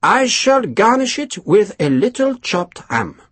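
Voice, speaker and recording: Guy reading as a stubborn grudging army cook, dogged and indignant, husky voice, dry close sound. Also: sits high, expressive, normal speed, no room sound, pitched above the performer's own voice.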